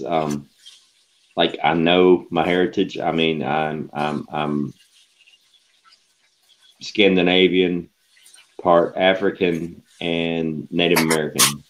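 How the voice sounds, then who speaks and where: A man's voice: deep voice, steady tone, slow, pauses often. A man co-hosting a casual live stream, easygoing, often repeating and stammering. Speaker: co-host. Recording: dull lo-fi sound.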